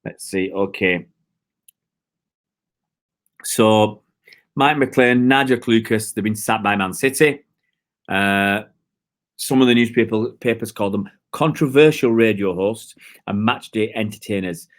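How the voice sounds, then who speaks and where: A man's voice: fairly low pitch, a little slow, pauses often. A man hosting a live stream, chatting in a rambling, hesitant way with lots of fillers and talking to his viewers. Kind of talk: casual live-stream commentary.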